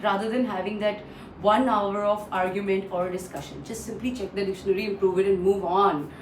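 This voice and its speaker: A woman's voice: medium pitch, a little fast, distant mic. A woman giving an online pronunciation lesson. She explains and repeats each word for drill, with frequent "uh" fillers. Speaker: English pronunciation trainer. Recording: roomy echo, off-mic, faint noise.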